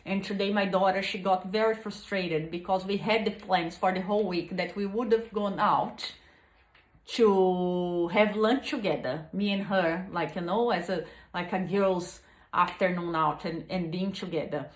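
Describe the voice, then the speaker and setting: A woman's voice: fairly low pitch, steady tone, unhurried. A woman speaking earnestly to her viewers from home, urging and pleading with many restarts. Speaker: vlogger. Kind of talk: heartfelt motivational talk to camera. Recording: echoey room.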